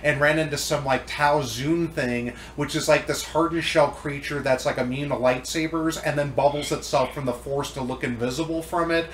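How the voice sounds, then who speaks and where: A man's voice: on the high side, steady tone, normal speed, few pauses, fairly bright tone, roomy sound, a little hiss or hum. A man hosting a casual podcast chat, rambling through enthusiastic geeky tangents. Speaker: podcast host.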